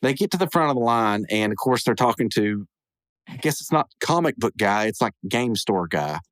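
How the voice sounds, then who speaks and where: A man's voice: on the low side, expressive, normal speed, fairly bright tone, dry recording. A man hosting a podcast, casually recapping a cartoon episode with rambling, chuckling asides. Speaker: podcast host.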